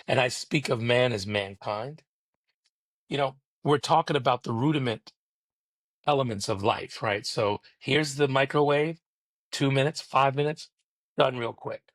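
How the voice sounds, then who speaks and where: A man's voice: medium pitch, a bit bright, no echo. A man speaking as a podcast guest over a remote call, preachy and emphatic, building rhythmic motivational lines.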